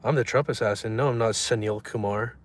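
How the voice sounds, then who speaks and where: A young man livestreaming from his car, reading his chat aloud and answering in a deadpan, trolling way. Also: lowish voice, brisk, no room sound.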